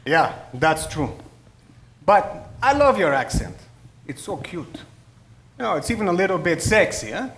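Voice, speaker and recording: A high, lively voice for a warm, stubborn Italian immigrant father with an Italian accent, acted by a man. He teases and exclaims, swings his pitch a lot, and sounds like he's in an echoey room. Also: unhurried, pauses often, a little hiss or hum, heavily acted. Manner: teasing, exclaiming with Italian phrases. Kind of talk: stage play acting.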